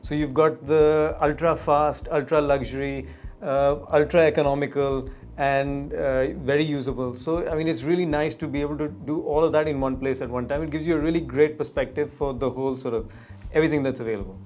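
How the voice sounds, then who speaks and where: A middle-aged man, an editor-in-chief, talking through a car test in a relaxed, explanatory way. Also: on the high side, fairly quick. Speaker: editor-in-chief, jury panelist. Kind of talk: casual discussion.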